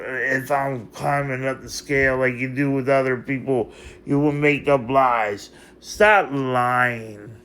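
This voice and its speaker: In an unscripted vlog monologue, a man with a medium-pitched, slightly bright voice rambles emotionally at someone who isn't there. He keeps circling back to the same phrases.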